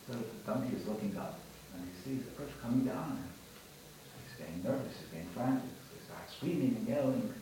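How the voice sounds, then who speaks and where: A man's voice: fairly low pitch, animated, fast talker, dark tone, slight background noise. A man teaching a conversational religious class to students, telling parables and often repeating and restarting his phrases. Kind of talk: informal religious lesson with storytelling. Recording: very echoey room, mic far off.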